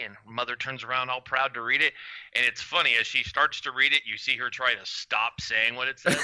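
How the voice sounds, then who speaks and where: A man co-hosting a podcast, telling funny stories in a lively, profane way. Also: medium pitch, quick pace, dry recording, poor audio. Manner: animated storyteller, profane. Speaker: guest co-host.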